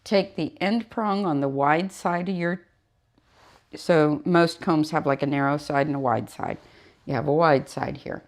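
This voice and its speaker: Casting note: unhurried woman groomer with a low voice, chatty, acts out her clients. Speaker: dog groomer. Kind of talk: casual talk while grooming on a livestream.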